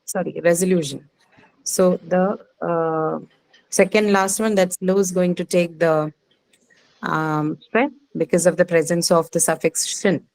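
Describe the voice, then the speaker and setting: A woman teaching word stress to a class, repeating each word slowly and quizzing her students patiently. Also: lowish voice, steady tone, a little mellow, no room sound, poor audio. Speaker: English teacher.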